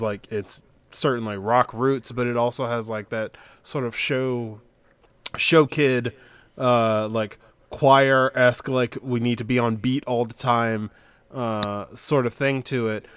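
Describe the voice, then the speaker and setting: A man's voice: mid-range voice, steady tone, slow pace, fairly bright tone, clean tone. A man co-hosting a music podcast, chatting casually and rambling through many fillers and restarts. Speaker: podcast co-host. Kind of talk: casual chat about music.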